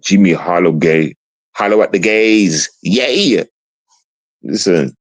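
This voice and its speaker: A man with a low, husky voice hosts a livestream, ranting slowly but with plenty of energy over a rough recording. His casual, slangy delivery is confrontational, and he keeps repeating himself and restarting his sentences.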